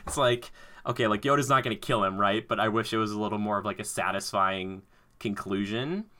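Excited man in a casual chat. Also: on the low side, a little fast. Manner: animated and enthusiastic, acts out characters with laughs.

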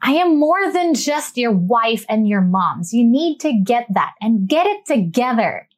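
A woman's voice: a little high, very animated, unhurried. A woman doing a fed-up mother standing her ground. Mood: indignant.

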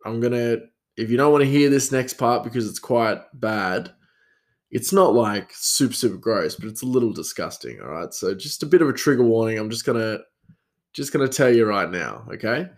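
A man's voice: medium pitch, animated, normal speed. A man telling a personal story in a casual, rambling way, with many fillers and restarts.

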